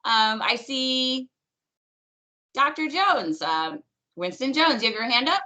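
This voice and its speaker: A woman's voice: sits high, expressive, slow pace, sharp tone. A young woman hosting an online event, effusive and gushing, laughing between remarks. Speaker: event host. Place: video call.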